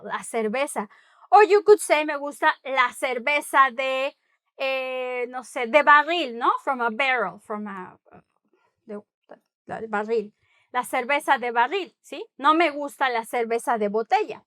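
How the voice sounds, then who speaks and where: High-voiced woman teaching Spanish. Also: a bit bright. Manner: repeats example phrases slowly, switching between English and Spanish; chatty, thinks aloud with small asides. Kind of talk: casual language lesson.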